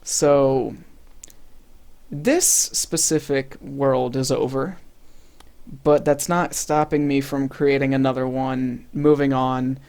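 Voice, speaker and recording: A man's voice: mid-range voice, steady tone, slow, darkish tone, clear, resonant tone. A man casually narrating his own game footage in a laid-back, rambling, self-deprecating way. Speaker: gaming channel host.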